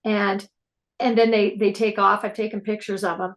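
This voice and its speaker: A woman guest on a podcast, telling personal stories in an excitable, animated way. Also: mid-range voice, moderate pace. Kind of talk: casual spiritual interview chat.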